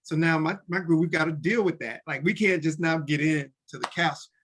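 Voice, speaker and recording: A man's voice: a little high, a little fast, a bit bright. Casual man explaining game rules. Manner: talks in restarts, acts out short character lines. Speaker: podcast co-host explaining tabletop games.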